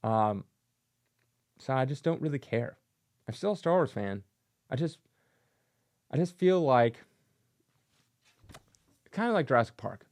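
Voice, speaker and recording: A man's voice: mid-range voice, big pitch swings, measured pace, pauses often, a little mellow. A man hosting his own channel, giving a casual, sarcastic opinion rant and mocking things with silly voices. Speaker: comic collector channel host.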